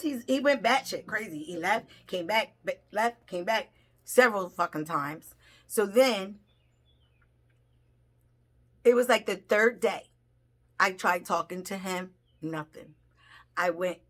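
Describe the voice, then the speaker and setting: A woman telling a personal story in a blunt, heavily profane way, animated and acting out the people in it. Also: mid-range voice. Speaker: tarot reader and vlogger.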